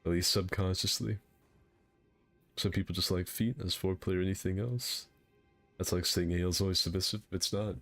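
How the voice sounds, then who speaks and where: Low-voiced man joking through a game stream. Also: fairly even intonation, a little fast, fairly bright tone, soft background music. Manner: rambling, crude joking banter with frequent laughs. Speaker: streamer hosting a game fight night. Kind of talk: casual gaming stream chat.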